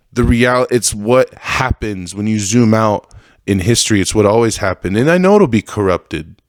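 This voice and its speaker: A man's voice: fairly low pitch, no echo, clean studio sound. Man ranting hard on a podcast. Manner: heated, profane, repetitive ranting. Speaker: podcast host.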